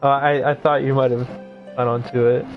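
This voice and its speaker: A young man streaming a game, rambling through casual commentary with lots of swearing and excited outbursts. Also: mid-range voice, fairly quick, phone-quality sound, soft background music.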